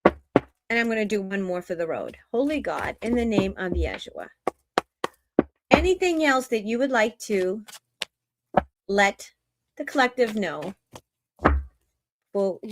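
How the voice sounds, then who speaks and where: A woman's voice: mid-range voice, expressive, unhurried, long pauses, noisy background. A woman with a Boston accent giving an upbeat, emphatic spiritual tarot reading to her viewers. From Boston area. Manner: emphatic, exclamatory, upbeat preaching tone. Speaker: tarot reader.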